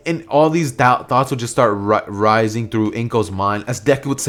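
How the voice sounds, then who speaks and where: A man's voice: medium pitch, normal speed, hardly any pauses, a bit bright. A man casually narrating a fan story, rambling with lots of fillers and restarts.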